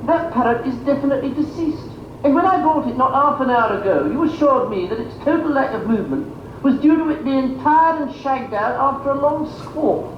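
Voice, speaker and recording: A woman's voice: sits high, expressive, brisk, slight background noise. A woman playing an exasperated, insistent customer complaining about a dead parrot in a comedy sketch. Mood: indignant. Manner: exasperated, insistent, mock-formal. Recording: echoey, dull clip played through speakers.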